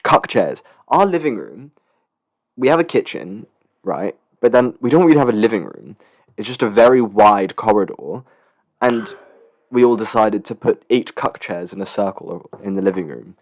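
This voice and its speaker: A young man in his late teens from England, hosting a casual solo podcast in a rambling, swearing, animated storytelling way. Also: fairly low pitch, dry recording, clean studio sound. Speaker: podcast host. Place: student accommodation room.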